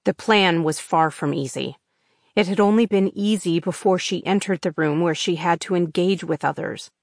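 A woman narrating an audiobook in a measured, tense suspense reading on a close studio mic. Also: lowish voice, gravelly, no echo. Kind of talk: scripted narration.

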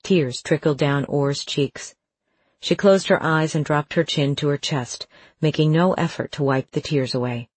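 Husky, dry audiobook narrator. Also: medium pitch, a little slow, no echo.

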